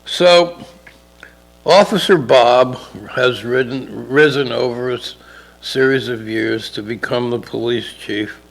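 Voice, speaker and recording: A middle-aged man tells a loose, meandering story on a casual talk show, slipping into the voices of its characters. His voice has a gravelly edge and sits at an ordinary pitch. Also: slow, poor audio. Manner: rambling, acts out characters in dialogue. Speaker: podcast co-host telling a story.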